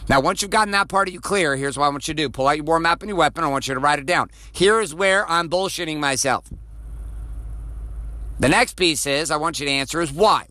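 A man delivers a motivational podcast monologue in a forceful, tense voice pitched a little high. He speaks bluntly, swears freely and stacks repeated rhetorical questions to push his point home. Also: no room sound. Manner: repeats phrases for emphasis. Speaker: podcast host.

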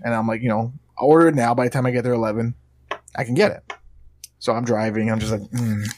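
A man telling an animated story in casual podcast chat, acting out both sides of the exchange in his own voice. His voice sits in a medium range and swings between low, muttered asides and outraged highs. The sound is dry and close to the mic, with no room echo.

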